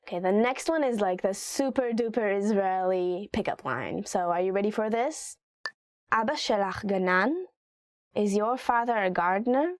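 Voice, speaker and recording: A woman teaching pickup lines in a casual, chatty lesson, full of "like" fillers and giggles, reading the lines quickly before translating them. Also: mid-range voice, expressive, a little mellow, no room sound, studio quality. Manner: reads Hebrew lines quickly, then translates. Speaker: language teacher. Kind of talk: casual lesson reading Hebrew phrases with commentary.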